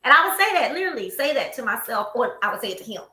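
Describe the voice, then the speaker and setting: Her voice is a little high and she races along, a Southern US woman hosting a casual chat in an office room. She brings her stories to life, acting out people's words, and the recording carries an echo.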